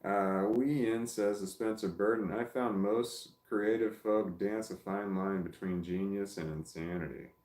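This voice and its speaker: A man's voice: lowish voice, steady tone, a little slow, few pauses, darkish tone, reverberant. A man talking casually into his phone at home, rambling and swearing, with many restarts. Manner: rambling, profane, lots of restarts. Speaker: vlogger.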